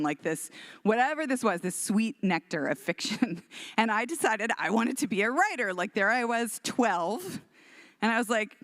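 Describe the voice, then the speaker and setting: A middle-aged woman from Houston, giving a storytelling keynote in an animated, self-deprecating way. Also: on the high side, dry recording. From Texas, Houston. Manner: animated, self-deprecating, acts out quoted voices. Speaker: keynote speaker, author.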